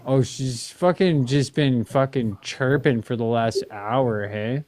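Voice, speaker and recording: A man's voice: medium pitch, takes it slowly, darkish tone, a little hiss or hum. A man hosting a live stream panel, talking in a casual, profane and exasperated way. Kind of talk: casual ranting chat.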